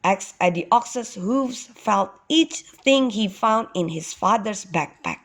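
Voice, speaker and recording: A woman teacher reading a storybook aloud to young children with a slow, sing-song delivery. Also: mid-range voice, animated.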